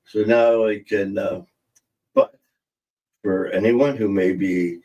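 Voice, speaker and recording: A man's voice: lowish voice, steady tone, slow, pauses often, dark tone, far from the mic. Rambling man telling funny stories. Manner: rambling anecdotal storytelling, laughs at his own jokes. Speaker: podcast host. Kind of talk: casual live-stream chat. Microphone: streaming setup mic.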